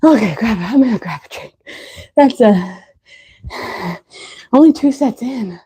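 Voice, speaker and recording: A woman's voice: on the high side, animated, measured pace, dark tone, breathy edge. A woman fitness instructor coaching a live leg workout, out of breath, counting reps aloud and giving short cues.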